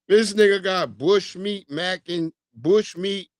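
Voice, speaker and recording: A man hosting a livestream, giving loud, profane, mocking reactions in casual commentary. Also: high voice, dry recording, clean studio sound. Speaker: livestream host.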